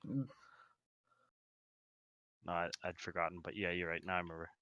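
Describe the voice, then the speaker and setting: A man's voice: sits low, flat delivery, moderate pace, sharp tone, no room sound, lo-fi sound. A man playing a tabletop game, dry and facetious in his remarks. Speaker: player. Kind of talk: casual tabletop play.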